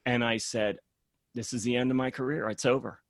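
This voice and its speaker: A man's voice: medium pitch, a little fast, no echo, studio quality. A man guest on a podcast, telling a story in casual talk and acting out the lines of the people in it. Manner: animated storyteller acting out dialogue.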